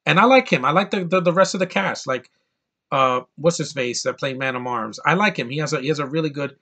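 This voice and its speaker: Excitable man rambling about films. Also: fairly high pitch, a little fast. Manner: rambling and enthusiastic, with frequent restarts. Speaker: movie reviewer. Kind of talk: casual spoken film review.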